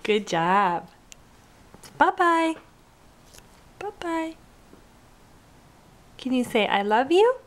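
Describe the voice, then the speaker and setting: A woman talking baby talk to a toddler, coaxing in a slow sing-song voice and imitating animal sounds. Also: mid-range voice, big pitch swings.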